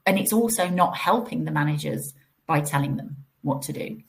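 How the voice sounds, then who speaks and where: A woman speaking as a guest on a live panel, animated and acting out the people she quotes. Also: low voice, normal speed, vocal fry.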